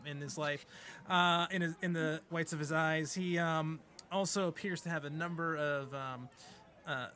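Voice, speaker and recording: A man's voice: on the high side, bright, forceful tone. A man narrating as game master of a tabletop game, hesitant and full of fillers.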